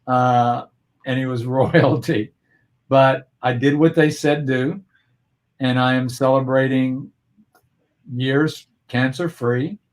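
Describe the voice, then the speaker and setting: A man's voice: mid-range voice, steady tone, takes it slowly, pauses often. A man guest on a video-call interview, telling a personal story in an earnest, reflective way with frequent restarts.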